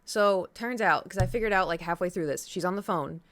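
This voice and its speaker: A woman's voice: fairly low pitch, a little fast. Chatty rambling woman streamer. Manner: chatty, rambling, animated retelling. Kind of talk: casual storytelling to a stream chat.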